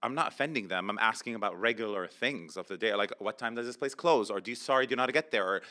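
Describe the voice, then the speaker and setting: A man's voice: on the low side, racing, sharp tone. A man from the United States hosting a podcast in casual chat, playful and teasing as he coaches his co-host.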